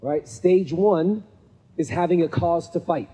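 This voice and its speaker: A fairly high, husky man's voice, mellow in tone, telling stories to an audience at a gathering. He talks casually, often checks in with "right?" and plays out each person in his stories. The sound carries a long hall reverb. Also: a little slow. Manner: conversational, checks in with 'right?' often; acts out the people in his stories. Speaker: speaker at a men's gathering. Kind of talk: storytelling motivational talk. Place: event venue with a live audience.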